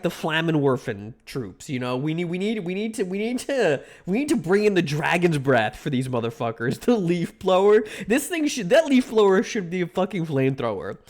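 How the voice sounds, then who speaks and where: A young man streaming live, chatting casually with his viewers, rambling, joking and swearing freely. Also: a little high. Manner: rambling, excitable, swears a lot, jokes to chat.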